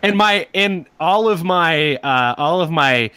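A man co-hosting a casual chat about comics, playful and jokey, building ideas out loud with a lot of "right?". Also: a little high, animated, slow, clear, resonant tone, no echo. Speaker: podcast co-host.

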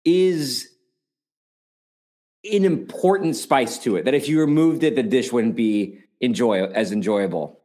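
A man's voice: mid-range voice, measured pace, mellow. A man co-hosting a casual book discussion, asking rambling, probing questions and correcting himself as he goes, and playfully laughing at himself.

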